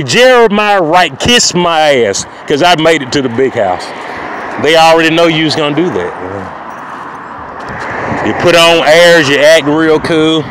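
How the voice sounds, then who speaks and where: A man talking to camera in a long, rambling monologue outdoors, circling back to the same phrases and asking whether he's understood. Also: a little high. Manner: repetitive, keeps asking "you know what I mean". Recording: loud outdoor street noise.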